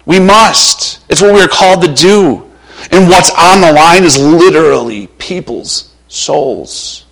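A man preaching a sermon in a somewhat high voice. He swings from loud, urgent calls to hushed, near-quiet lines, with a slight strain in his voice. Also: takes it slowly, vocal fry, poor audio. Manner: impassioned preaching, swinging between loud urging and hushed lows. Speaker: pastor.

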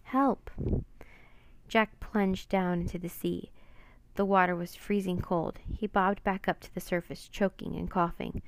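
A woman reading a children's adventure book aloud with expressive, dramatic narration. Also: lowish voice, moderate pace, no echo. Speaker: storyteller.

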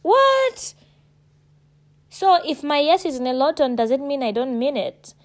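A woman vlogging casually to her viewers, emphatic and preachy, calling them sweetheart and darling and jumping up in pitch to stress her points. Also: brisk. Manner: animated, jumps high in pitch when stressing points. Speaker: vlogger giving advice. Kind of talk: casual direct-to-camera talk.

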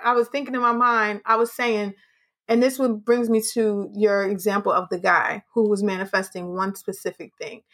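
Podcast host, woman, bright tone, animated storyteller, salty language. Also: medium pitch, moderate pace. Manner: animated, swearing, acts out quotes. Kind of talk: casual storytelling chat.

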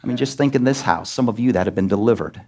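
A pastor delivering an emphatic sermon in a church, scolding and asking rhetorical questions. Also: male voice, mid-range voice, fast talker, mellow, faint music behind. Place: church sanctuary.

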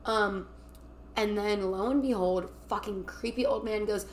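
Animated young woman telling stories. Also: fairly high pitch, moderate pace. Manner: animated, acts out quotes, swears freely. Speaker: podcast co-host. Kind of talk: casual chat, storytelling. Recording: faint background noise.

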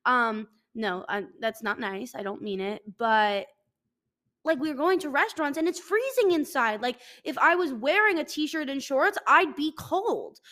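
Here the same kind of podcast host sounds high and animated, keeping a measured pace with a slightly bright edge. Living in a hot city, she chats alone, rambling, self-deprecating and casually cursing.

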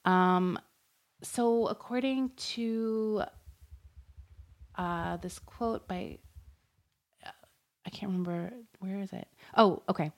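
A woman co-hosting a casual podcast tells a true crime story in a chatty, giggly way, with lots of fillers, laughs, and the occasional swear. Her voice is mid-range, and she speaks slowly with long pauses.

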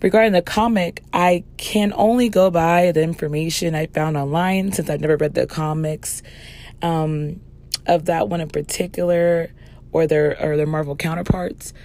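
A woman hosting a podcast movie review, hoarse from losing her voice, chatting casually. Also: deep voice, fairly even intonation, normal speed, warm tone. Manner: chatty, with fillers and restarts. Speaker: podcast host.

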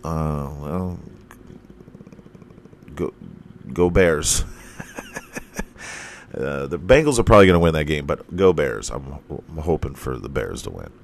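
A hoarse man losing his voice, rambling through casual football picks as a podcast host, swearing often and stopping to correct himself. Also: extremely low pitch, animated, takes it slowly, pauses often, slight background noise. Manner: rambling, profane, self-interrupting. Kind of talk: casual sports picks chat.

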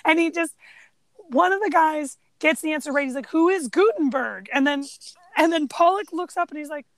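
A woman co-hosting a casual podcast about a movie, talking in an animated way, acting out quotes from the film and laughing often. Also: high voice, a little fast, dry recording, poor audio. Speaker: podcast co-host. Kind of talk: casual movie discussion chat.

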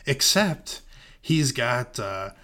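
A man's voice: medium pitch, sing-song, extremely slow, bright, forceful tone. A man telling an improvised comic movie story in a rambling way, full of fillers.

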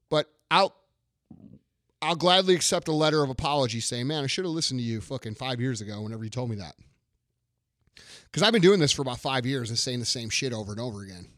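A middle-aged male podcast host, his voice on the high side with a fairly bright tone, delivers a blunt, profane motivational rant, repeating lines for emphasis. The studio sound is clean, with no room sound.

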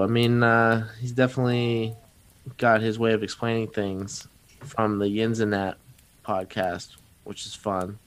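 A man hosting a podcast, joking and laid-back, with frequent pauses and fillers. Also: fairly low pitch, flat delivery, smooth. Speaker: podcast host. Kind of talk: casual chat.

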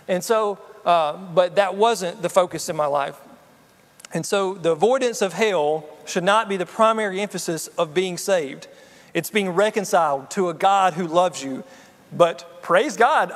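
A man's voice: sits high, big-room sound. A man preaching a sermon in an earnest, personal way, often checking in with the congregation. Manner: earnest, personal, addresses the congregation with frequent "okay?". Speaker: pastor.

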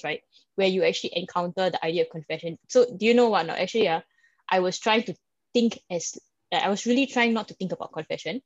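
A chatty woman with a Singaporean English accent, talking casually as a podcast co-host and tossing in "like" and "right?" constantly. Her voice sits at a middling pitch. The recording is dry and a little dull, with no room sound. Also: fast talker, dry recording. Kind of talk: casual chat.

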